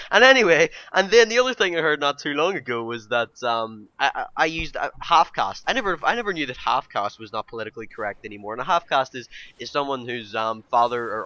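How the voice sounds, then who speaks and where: A young man ranting to his viewers in a vlog, exasperated and breaking into loud outbursts. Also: mid-range voice, highs cut off. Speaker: YouTuber.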